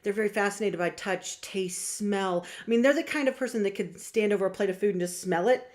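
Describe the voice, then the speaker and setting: A young woman talking casually to her viewers about star signs, chatty and lively, often acting out what other people say. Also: mid-range voice, brisk. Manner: chatty, animated, acts out quoted voices. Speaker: astrology vlogger and reader. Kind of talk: casual talk to camera.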